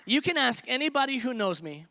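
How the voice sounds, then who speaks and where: A man pastor preaching a sermon, repeating phrases for emphasis and dropping to soft, hushed tones when he tells stories. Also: very high-pitched, sing-song, a little fast. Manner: preaching with rising emphatic repetition.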